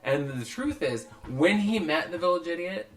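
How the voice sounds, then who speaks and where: A man's voice: on the high side, expressive, normal speed, a bit bright. A man hosting a podcast, telling a long story in casual chat, acting out the voices of the people in it and swearing freely. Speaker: podcast host. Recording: roomy echo with faint music.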